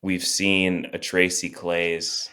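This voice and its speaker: A man's voice: low-pitched, completely flat delivery, slow, bright, forceful tone, clean tone. A man co-hosting a casual sports podcast, giving a rallying pep talk to fans. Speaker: podcast co-host.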